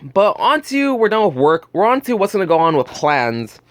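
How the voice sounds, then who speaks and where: A man's voice: high-pitched, very animated, moderate pace, a bit bright, no echo. A young man telling a blunt, profane story about work in a casual vlog. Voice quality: burping, just ate. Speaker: gaming channel host.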